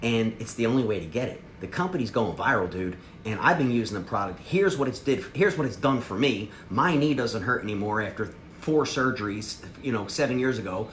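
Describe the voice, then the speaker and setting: A man's voice: lowish voice, lively intonation, a little fast, few pauses, fairly bright tone, a little hiss or hum. A man giving a brash, slangy sales training talk to a group. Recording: echoey room with faint ambience.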